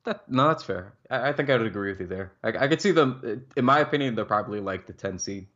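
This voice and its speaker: Young male podcast co-host, heated ranter with a low voice, slightly dull lo-fi sound. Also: expressive, fast, fairly bright tone. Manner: heated, ranting, swears freely. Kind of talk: casual sports chat.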